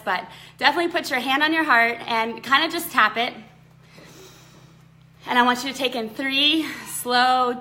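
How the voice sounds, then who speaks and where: A woman's voice: a little high, bright, forceful tone. A woman hosting a live online session, talking in a bubbly, effusive and earnest way. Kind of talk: casual livestream talk.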